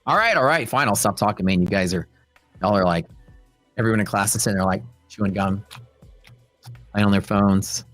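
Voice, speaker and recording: A man's voice: fairly low pitch, a little fast, pauses often, no room sound, faint music behind. A young adult man hosting a trading livestream, chatting casually with his audience and telling stories with playful quoted voices. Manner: joking, animated storytelling with quoted voices. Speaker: livestream host. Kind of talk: casual chat with live chat.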